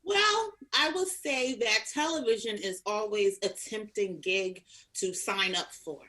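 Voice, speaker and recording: A woman's voice: medium pitch, a little slow, sharp tone. A woman in her thirties speaking as an interview guest, sassy and outspoken, calling people honey. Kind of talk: casual interview chat.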